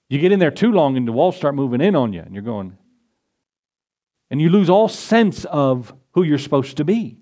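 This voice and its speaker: A man's voice: on the high side, darkish tone. A male pastor preaching a conversational sermon to his congregation, acting out prayers and quotes along the way. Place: church in front of a congregation.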